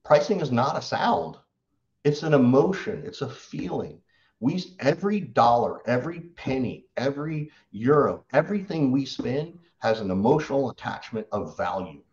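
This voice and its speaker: A man who works as a sales coach, answering interview questions and acting out what clients say in lively stories. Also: mid-range voice, moderate pace, dull audio. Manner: animated storytelling, acts out client quotes.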